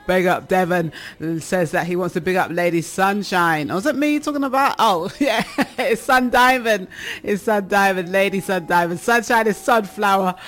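Woman DJ doing shout-outs. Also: mid-range voice, moderate pace. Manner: laughs often, warm chatter. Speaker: livestream DJ host. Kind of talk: casual shout-outs reading chat.

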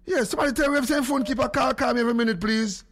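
A Jamaican man hosting a radio live stream, excitable and quick, calling hello again and again. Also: very high voice. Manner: excitable, rapid, calls hello over and over. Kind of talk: casual live-stream chat.

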